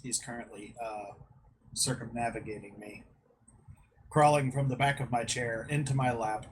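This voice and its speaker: A man playing in a tabletop game, soft-spoken and easygoing. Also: medium pitch, steady tone, normal speed, breathy edge, poor audio. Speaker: player. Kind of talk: casual chat at a tabletop game.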